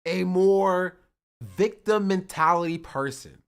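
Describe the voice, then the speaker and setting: A man's voice: sits high, animated, normal speed, fairly bright tone. A man streaming, reacting in disbelief and repeating the same phrases over and over. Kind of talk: livestream reaction commentary.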